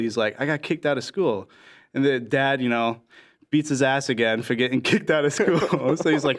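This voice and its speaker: A man's voice: mid-range voice, lively intonation, normal speed. A young man on a casual podcast, telling a long shaggy-dog joke and acting out the characters' lines. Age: young adult. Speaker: podcast guest. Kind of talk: casual storytelling.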